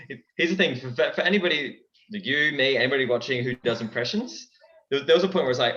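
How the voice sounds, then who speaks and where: A young man chatting casually as a guest in an interview, lively and dropping into character voices. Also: medium pitch, quick pace. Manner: animated, breaks into character voices. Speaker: guest, impressionist. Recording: dull, echoey recording.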